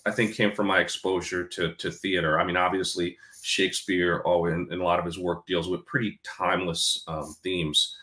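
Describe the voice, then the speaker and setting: A man's voice: low voice, sharp tone, reverberant. A man in his forties from New York, talking candidly and casually as an interview guest, with a mostly neutral American accent and a faint Black New York tinge. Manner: candid, profane, laughs easily, many fillers.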